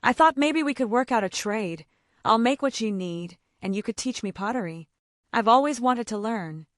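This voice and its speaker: A woman voicing a shy, kind man in his thirties who works as a carpenter, gentle and a bit bashful. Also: fairly high pitch, lively intonation, normal speed, dry recording, studio quality, lightly acted.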